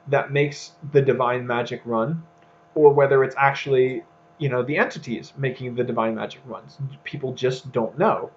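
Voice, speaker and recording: A man co-hosts a casual talk, working his ideas out as he speaks, full of restarts and fillers. His recording sounds dull and lo-fi, with a middling pitch. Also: slight background noise. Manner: rambling, thinks aloud with fillers and restarts. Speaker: podcast co-host. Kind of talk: casual discussion.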